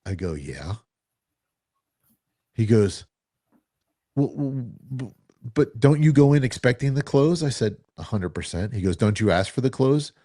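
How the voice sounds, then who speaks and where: A man co-hosting a casual talk show, telling stories with animated acted-out quotes. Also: medium pitch, measured pace, long pauses, husky. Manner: animated, acts out quoted dialogue. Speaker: co-host. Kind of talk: casual storytelling chat.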